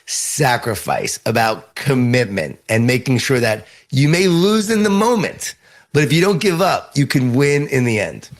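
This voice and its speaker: A middle-aged man with a Long Island New York accent, a guest author telling earnest, animated stories in an interview. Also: medium pitch, a little slow. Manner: earnest, animated storytelling with repeated phrases. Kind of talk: storytelling interview answers.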